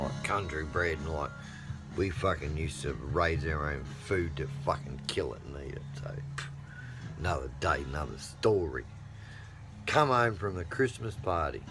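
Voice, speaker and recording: Low-voiced, profane middle-aged man spinning yarns. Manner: rambling, profane, swings between loud outbursts and mutters. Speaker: vlogger. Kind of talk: casual storytelling.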